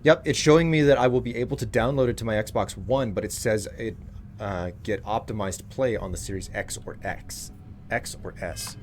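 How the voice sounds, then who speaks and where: A man's voice: fairly low pitch, normal speed, slight background noise. A man streaming a game live, chatting casually to his viewers while congested from allergies. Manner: chatty, talks straight to his chat, self-mocking. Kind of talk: live gameplay commentary.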